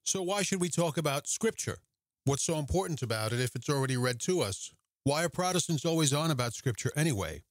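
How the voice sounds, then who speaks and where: A man's voice: a little high, expressive, a little fast, dry recording. A man hosting his own religious podcast, talking earnestly and conversationally, posing rhetorical questions to listeners. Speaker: podcast host. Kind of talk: solo religious podcast talk.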